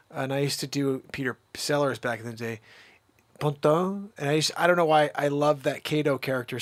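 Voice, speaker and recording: A male comedian chatting casually to camera in an animated, rambling way. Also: on the high side, no room sound.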